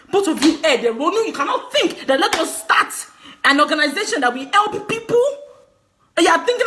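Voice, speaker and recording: A woman's voice: high voice, sharp tone. A woman with a Nigerian accent talking straight to her viewers in a passionate, scolding rant, often laughing through her words. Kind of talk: passionate direct-to-camera rant.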